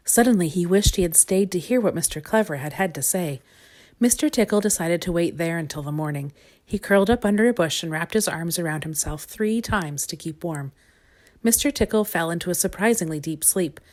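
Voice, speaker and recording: A woman reads a children's storybook aloud, calm and measured. Her voice sits a little low. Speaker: storybook reader. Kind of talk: storybook reading.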